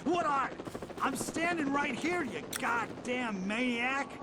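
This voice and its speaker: An angry fed yelling at you, high strained voice, game cutscene. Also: male voice, animated, slow pace, heavy background noise, exaggerated voice. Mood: aggressive. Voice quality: barking, threatening, profane. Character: hostile FBI agent, male, middle-aged, aggressive. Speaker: federal agent in a game.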